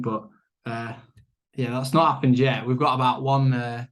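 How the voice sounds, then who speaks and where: A man from Blackpool chats as a guest on a podcast, friendly and easygoing. His voice sits at an ordinary middle pitch for a man. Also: flat delivery, normal speed. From Blackpool, northern England. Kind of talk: casual chat.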